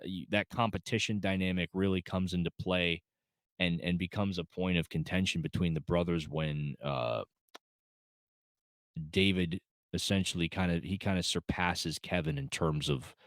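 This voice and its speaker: A man's voice: deep voice, dry recording, clean studio sound. A man casually reviewing a film, rambling with many fillers and restarts, choked up and holding back tears. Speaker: movie reviewer.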